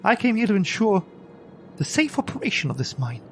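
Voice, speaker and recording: A man doing a huffy mine overseer in a tabletop game, insistent and put out. His voice is pushed up high and strained, with a gravelly rasp. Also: very animated, a little fast, soft background music. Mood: indignant. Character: indignant male mine overseer.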